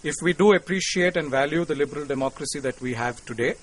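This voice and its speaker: A man with an Indian English accent giving a formal, courteous public lecture to an audience, measured and lightly humorous. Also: a little high, poor audio. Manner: courteous, measured, with cricket quips. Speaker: invited lecturer. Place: lecture hall.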